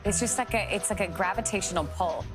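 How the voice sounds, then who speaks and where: A woman's voice: medium pitch, fast talker, music in the background. A woman co-hosting a morning show in casual, playful chat. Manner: chatty, laughing, playful.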